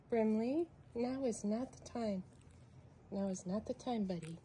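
Slow, warm-voiced woman coaxing her cats. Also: medium pitch, a little hiss or hum. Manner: coaxing, doting baby-talk to the cats, at times hushed to a whisper. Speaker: cat rescuer filming her foster cats. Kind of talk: casual vlog narration, talking to her cats. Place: room at home with kittens and cats.

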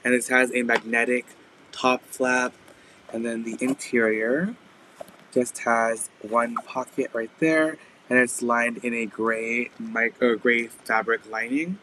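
Hoarse male live-sale host, chatty and detailed, with a noisy background. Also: mid-range voice, fairly even intonation, takes it slowly, sharp tone. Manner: chatty, describes items in detail. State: hoarse, losing his voice. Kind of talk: casual live-stream sales pitch.

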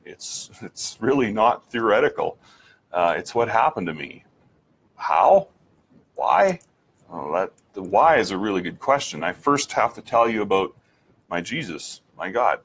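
Husky-voiced man giving an earnest testimony. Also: fairly low pitch, expressive, normal speed, a bit bright. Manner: earnest, reflective, with frequent ums and restarts; asks the listener direct rhetorical questions. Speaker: speaker sharing his faith testimony. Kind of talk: personal testimony talk.

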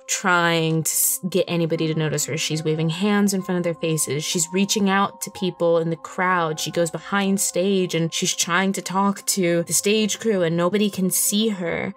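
A woman's voice: lowish voice, steady tone, measured pace, soft background music. A woman playing a tabletop game, describing her character's scene vividly with many casual fillers. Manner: vivid storyteller, lots of fillers. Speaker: player.

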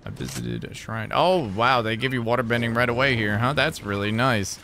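A man's voice: mid-range voice, very animated, a little fast, creaky, pushed and bright. A man from New Jersey chatting playfully while streaming a video game. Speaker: gaming streamer. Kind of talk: casual live-stream commentary.

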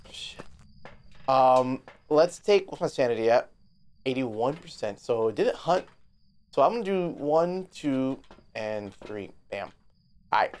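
Male streamer, excitable, swears a lot, rambling commentary, stops and restarts mid-sentence. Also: medium pitch, takes it slowly, pauses often. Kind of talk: live gameplay commentary.

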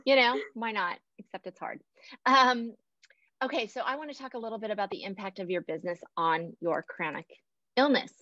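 A woman's voice: mid-range voice, a little fast, bright, forceful tone, no room sound. A woman hosting a podcast interview, chatting in an upbeat, talkative way and laughing often. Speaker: podcast host. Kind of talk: casual interview chat. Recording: dull lo-fi sound.

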